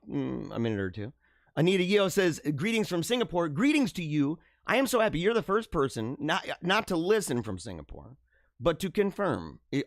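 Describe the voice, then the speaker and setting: Here the livestream host's voice sits fairly high, recorded to studio quality without any echo. Animated and laughing often, he works through viewer comments in loose chat, full of slang like "dude", "bro" and "man".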